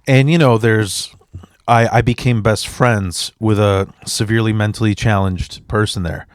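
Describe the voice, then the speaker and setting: A man's voice: on the low side, normal speed, no room sound, clean studio sound. A man telling stories in a casual podcast chat, rambling and profane, acting out both sides of the conversation. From immigrant. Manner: profane, rambling, animated retelling. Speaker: podcast guest, standup comedian.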